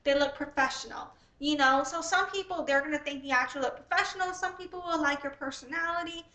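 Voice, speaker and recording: A woman's voice: high voice, fast talker, bright, forceful tone, rough recording. A woman reading her own business ebook aloud, then explaining it in a blunt, profane, rambling way.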